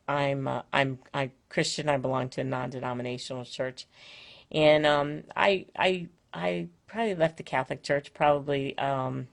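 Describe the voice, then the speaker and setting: Grandma talking on a live stream from home, low voice with some fry, lots of ums and restarts. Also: female voice. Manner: rambling, with many fillers and restarts. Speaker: Facebook Live host. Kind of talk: casual chat. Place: her home, indoors. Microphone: phone or webcam, live stream.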